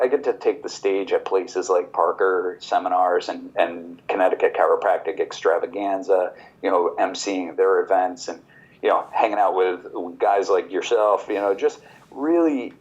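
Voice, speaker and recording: A man in his forties, a chiropractor guest on a podcast, telling a personal story in a casual, animated way and quoting others in his own voice. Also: sits low, normal speed. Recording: dull lo-fi podcast audio.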